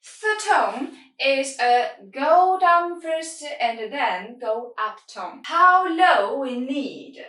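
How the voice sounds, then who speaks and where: Patient woman teaching tones, slow pace, echoey room off-mic. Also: high voice, lively intonation, fairly bright tone, distant mic. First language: Mandarin Chinese. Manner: patient, simple non-native English, sings out tone demonstrations. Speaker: Mandarin teacher. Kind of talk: language lesson.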